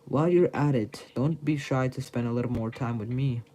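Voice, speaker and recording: A man's voice: medium pitch, fairly quick, mellow, a little hiss or hum, natural voice, low-quality recording. A man voicing a confident, controlling girl who leads a club, reading game dialogue aloud with small stumbles.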